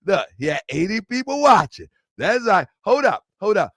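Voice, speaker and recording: A man hosting a livestream show, talking casually and excitably to viewers, repeating himself and laughing often. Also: high voice, normal speed, dry recording, studio quality.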